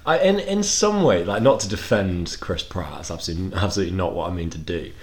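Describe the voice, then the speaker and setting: A man's voice: low-pitched, lively intonation, quick pace. A man chatting casually as co-host, dropping wry joking asides. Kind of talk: casual chat.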